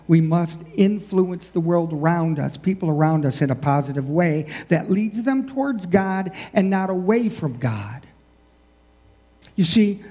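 A man preaching a sermon in a church, casual and full of asides. His voice sits fairly high and sounds mellow. The recording is dull and carries a long church reverb. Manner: conversational, many "you know" asides. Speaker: pastor.

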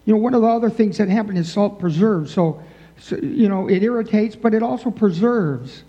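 Mellow-voiced preacher in a reverberant hall. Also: male voice, high voice, a little fast. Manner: conversational, many "you know" asides. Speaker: pastor. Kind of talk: sermon. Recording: dull sound with long hall reverb.

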